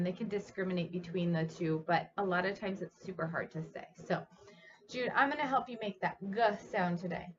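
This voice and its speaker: A speech therapist demonstrates speech sounds, patiently and encouragingly coaching a child. Her voice is medium-pitched, and the sound is lo-fi.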